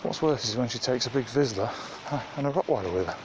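A man's voice: mid-range voice, expressive, quick pace. Man calling dogs on a walk. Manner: chatty asides between loud calls to dogs. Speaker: dog walker. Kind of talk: casual walking vlog. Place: outdoors on a muddy rural path. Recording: muffled outdoor recording with background noise.

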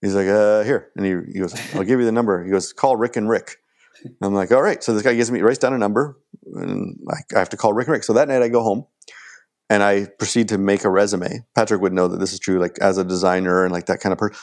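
Low-voiced man telling a rambling story. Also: fairly even intonation, fast talker. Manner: acts out quoted dialogue in a raised voice; rambling, full of "like" and restarts. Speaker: podcast guest. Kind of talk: casual storytelling.

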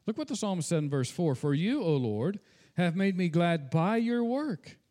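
A man's voice: high voice, sing-song, moderate pace, warm tone. A pastor preaching a sermon in an earnest tone, slipping into casual asides and repeating words when he speaks off the cuff.

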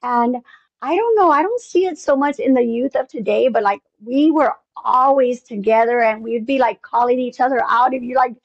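A woman's voice: on the high side, moderate pace, no echo, highs cut off. A woman telling a long personal story in an interview, rambling with many fillers and acting out bits of dialogue. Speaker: interview guest.

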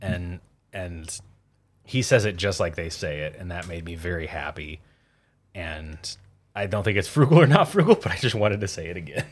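Man, podcast co-host, husky voice, animated pitch, joking banter. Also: moderate pace. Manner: jokey, laughs often, tries impressions. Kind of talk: casual chat.

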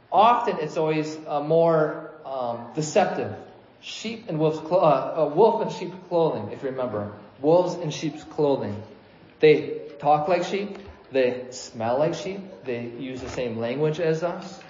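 A man preaching a sermon in a conversational way, getting animated when he quotes people and often restarting his sentences. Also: fairly high pitch. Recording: echoey room, slightly dull sound.

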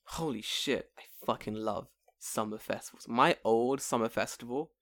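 A man chatting casually on a podcast, swearing freely and telling animated stories in which he acts out what people said. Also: mid-range voice, moderate pace. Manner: swearing, animated storytelling with put-on quotes. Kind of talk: casual chat.

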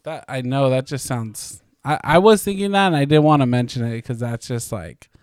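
This is a man in his thirties co-hosting a podcast. His voice is smooth and resonant, at an ordinary middle pitch. He talks in a loose, rambling way, with plenty of likes and casual swearing, and the recording is dry and close. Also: moderate pace, no echo. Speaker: podcast co-host. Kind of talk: casual chat.

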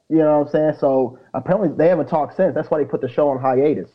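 A man's voice: fairly high pitch, fast talker, hardly any pauses, highs cut off. Man retelling gossip with acted quotes. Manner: animated retelling, acting out quotes. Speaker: podcast co-host. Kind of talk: casual chat.

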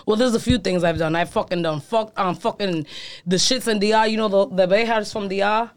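A woman in her twenties, a podcast guest telling stories in a brash, loud, profane way. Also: medium pitch, fairly even intonation, fairly quick. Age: 20s. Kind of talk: casual chat.

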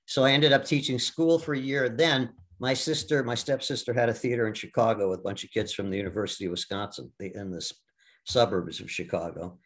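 A man in his seventies from the US Midwest, telling his life story as a guest in a casual interview, halting with many restarts and fillers. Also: medium pitch, fairly even intonation, fairly bright tone. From Milwaukee, US Midwest. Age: 70s. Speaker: guest, stage actor.

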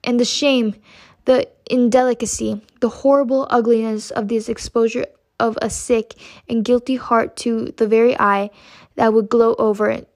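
A tormented, guilt-ridden minister speaks in heavy, solemn old-fashioned phrases, read by a woman. The voice sits fairly high and stays quiet. She barely changes her own voice for him. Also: little pitch movement, normal speed, no echo, natural voice. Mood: anguished.

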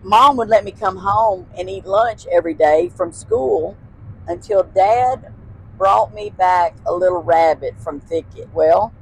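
A woman's voice: fairly low pitch, unhurried, breathy edge, rough recording. A woman, a guest telling childhood stories in casual chat, laughing often and using folksy phrasing. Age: 60s.

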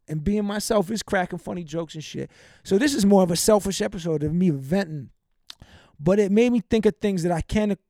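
On his own podcast, a young man from the United States with a fairly high voice vents in a loose, rambling monologue full of swearing and genuine feeling. The tone is darkish and the recording dry, captured close to the mic without any room around it. His delivery stays casual, and every so often he pauses to say hello to listeners by name.

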